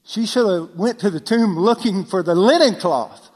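A man preaching a sermon, talking casually with the congregation, asking them rhetorical questions and dropping to a hush on key points. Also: high-pitched, normal speed, slightly rough. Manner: preaching with sudden drops to near-whisper for emphasis; conversational, asks the listeners rhetorical questions. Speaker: pastor. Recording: long hall reverb.

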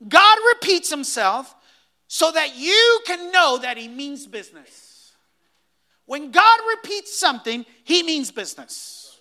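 Male pastor mid-sermon, animated and bright, punches key lines and calls for answers. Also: extremely high pitch, takes it slowly. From Hispanic household in the US. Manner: emphatic, repeats key phrases and quizzes the congregation.

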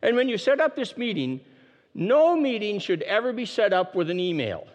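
High, lively preaching man in a hall. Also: moderate pace, dull audio. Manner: emphatic, repeats key phrases, drops low for emphasis. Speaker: pastor. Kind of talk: sermon.

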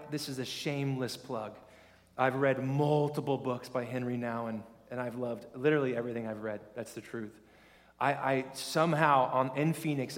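A male pastor preaching a sermon in a lively, conversational way, calling on the congregation to repeat lines after him. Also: medium pitch. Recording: long reverb of a large hall.

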